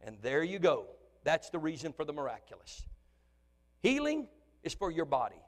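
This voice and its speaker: A man preaching as the pastor of a church, in an animated style that swings from shouting to soft conversational asides. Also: on the high side, normal speed. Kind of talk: sermon. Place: church sanctuary. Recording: long church hall reverb.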